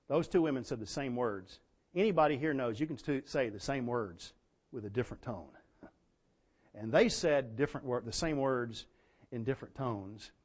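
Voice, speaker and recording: A man preaching a sermon, telling folksy stories and swinging from quiet asides to loud, emphatic bursts. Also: medium pitch.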